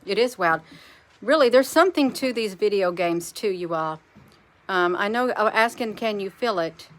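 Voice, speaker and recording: A woman chats in a loose, rambling way on a live stream, turning to her viewers often. Her voice is bright and forward, sitting at an ordinary middle pitch. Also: lively intonation, moderate pace. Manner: rambling, chatty, addresses viewers as "you all". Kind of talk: casual live-stream chat.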